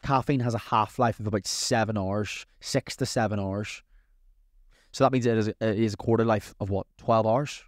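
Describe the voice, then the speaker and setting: A man hosting a casual advice podcast as a coach, talking in an energetic, chatty, motivational way. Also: fairly low pitch, normal speed, no room sound, studio quality.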